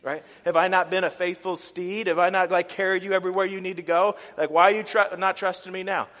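A man's voice: high voice, level tone, quick pace, a bit bright, voice pushed up. A man voicing a talking donkey, hurt and indignant, pleading with questions in a reverberant hall.

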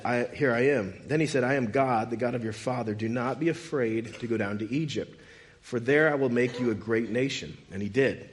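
Man retelling a Bible story casually. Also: mid-range voice. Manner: conversational, animated retelling with quoted dialogue.

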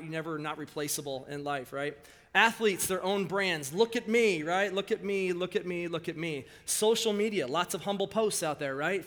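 A middle-aged man giving a sermon, joking and telling animated stories, in a hall with some echo. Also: a little high. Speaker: speaker at a church service.

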